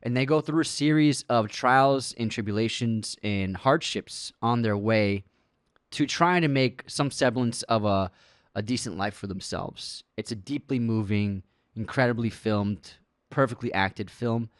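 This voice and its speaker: Podcast co-host guy, mid-pitch voice, keeps laughing, reads out listener comments, dry close mic. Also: measured pace, clear, resonant tone, no echo. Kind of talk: casual podcast banter and movie review.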